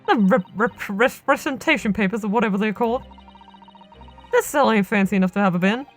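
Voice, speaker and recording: A woman's voice: mid-range voice, brisk, soft background music, lightly acted. A woman voicing a tough young female street urchin with brash, blunt slang, reading game dialogue on a stream. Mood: dismissive.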